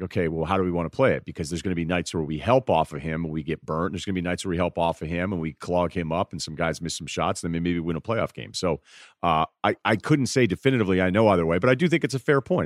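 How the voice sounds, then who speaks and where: A man's voice: sits low, no echo. A man as a podcast guest in casual sports chat, playful and riffing through mock bits in a studio. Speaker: podcast guest, basketball analyst.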